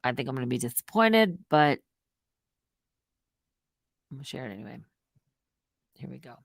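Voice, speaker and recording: A middle-aged woman hosting a live stream, rambling casually and swinging between loud outbursts and muttered asides. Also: very deep voice, big pitch swings, moderate pace, creaky, no echo, studio quality.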